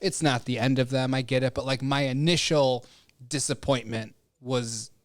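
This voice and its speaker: A man's voice: medium pitch, steady tone, moderate pace, no room sound, clean studio sound. A man co-hosting a casual podcast review, rambling with lots of fillers and swearing freely. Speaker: podcast co-host.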